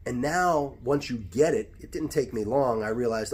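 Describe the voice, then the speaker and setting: An American jiu-jitsu instructor talks through life advice in a casual, reflective way, often restarting his sentences. His voice is medium-pitched and a little mellow with a breathy edge, and he speaks at a moderate pace.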